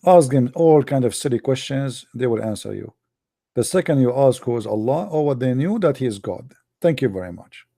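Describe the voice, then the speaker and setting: A man talks straight into the mic as a call-in host, his voice dark and gravelly. He mocks and teases in a sing-song way, repeating himself, and often clears his throat. The sound is close and dry, with no room around it. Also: mid-range voice, lively intonation, fairly quick, no room sound. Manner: mocking, repetitive taunting, sing-song teasing; broken English grammar, frequent throat clearing. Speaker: host of a call-in religious debate show. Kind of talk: live call-in show monologue.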